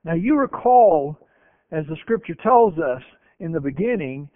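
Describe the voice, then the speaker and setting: A man preaching a sermon and retelling scripture with animated voices. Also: a little high, unhurried, dry recording. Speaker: pastor. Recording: tinny phone-like radio broadcast.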